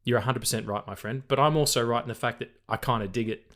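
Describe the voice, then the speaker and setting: A man's voice: mid-range voice, fast talker, a bit bright. A man co-hosting a casual film podcast, rambling with lots of fillers, restarts and swearing. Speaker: podcast co-host.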